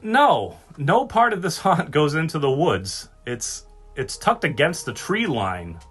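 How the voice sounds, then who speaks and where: A man hosting a casual podcast, jokey and animated, swearing casually as he talks. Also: a little high, measured pace, husky, soft background music. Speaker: podcast host.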